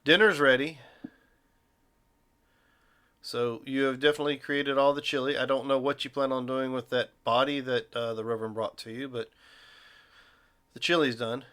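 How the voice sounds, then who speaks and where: A man's voice: mid-range voice, little pitch movement, brisk, a bit bright, clean tone. A man running a tabletop game as game master, narrating casually with a joking manner.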